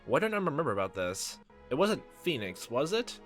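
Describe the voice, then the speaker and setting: A man's voice: medium pitch, big pitch swings, brisk, lightly acted. A man voicing an awkward, exasperated young male rookie lawyer. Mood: puzzled. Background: game music.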